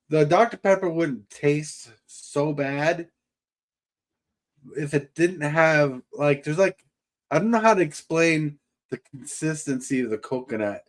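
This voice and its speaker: A man hosting a casual livestream, chatting in a rambling way and greeting viewers by name. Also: a little high. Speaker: livestream host. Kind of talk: casual chat.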